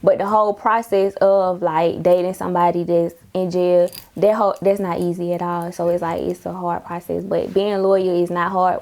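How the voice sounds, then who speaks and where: A woman's voice: fairly low pitch, moderate pace, hardly any pauses. Laughing young woman rapper chatting. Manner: laughing, animated storyteller. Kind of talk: casual interview.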